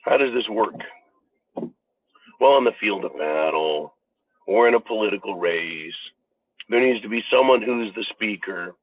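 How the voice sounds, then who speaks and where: A man's voice: on the low side, expressive, a little slow, long pauses, no room sound. An American man giving a political commentary monologue, emphatic and profane, ranting as the host. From United States. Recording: phone-like narrow band.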